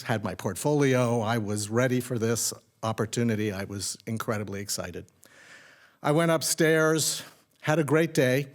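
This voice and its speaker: Brief: man, sixties, live stage storyteller, lively and animated, mid-pitched voice. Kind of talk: personal story told on stage. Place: stage before a live audience.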